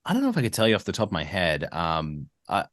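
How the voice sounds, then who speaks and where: An Australian man, appearing as a guest voice actor, chats in a relaxed podcast interview, laughing easily and restarting words as he thinks. He talks fast in a low voice, and the recording is dry with clean studio sound.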